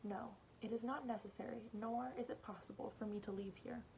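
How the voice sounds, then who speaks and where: A woman reading aloud as a cold, condescending alien leader with red eyes, measured and smooth. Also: fairly high pitch, fairly even intonation, darkish tone, slight background noise, rough recording.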